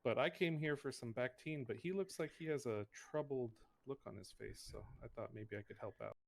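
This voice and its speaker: An actor playing a polite, helpful man in a sci-fi video game, speaking courteously and a little haltingly. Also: medium pitch, vocal fry, lightly acted. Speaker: game character.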